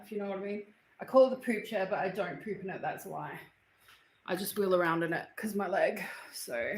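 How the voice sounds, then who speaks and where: In an echoey room at home, an Australian livestream host from Queensland chats bluntly with her viewers, replying to their comments. She speaks in a mid-range voice over slight background noise on a rough recording.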